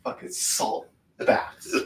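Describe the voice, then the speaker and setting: A man's voice: slow pace, recorded from a distance. Male podcast co-host tossing in jokes. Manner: short reactive interjections and jokes. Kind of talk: casual chat. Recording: echoey room, off-mic, faint noise.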